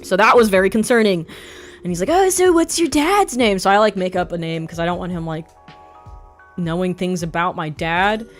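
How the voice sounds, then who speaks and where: A young woman streamer telling a story casually, rambling with frequent swearing and quick asides. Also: lowish voice, steady tone, soft background music.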